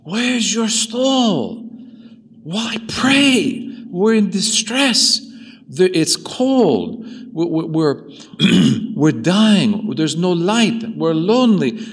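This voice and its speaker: A man's voice: high-pitched, big pitch swings, extremely slow, slightly rough, pitched above the performer's own voice, heavily acted. A man voicing a tormented dead mother crying out in distress. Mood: anguished. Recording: long hall reverb.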